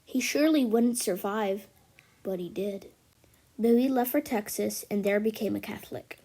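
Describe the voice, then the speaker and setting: A woman narrating a homemade stop-motion history movie in a lively way, switching between telling the story and speaking character lines. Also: mid-range voice, moderate pace.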